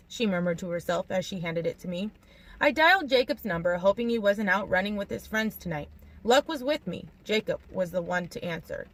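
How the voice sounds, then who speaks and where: A woman reading a novel aloud in an audiobook narration, expressive and lively, acting out the dialogue. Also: mid-range voice, a little fast, rough recording. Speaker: audiobook reader.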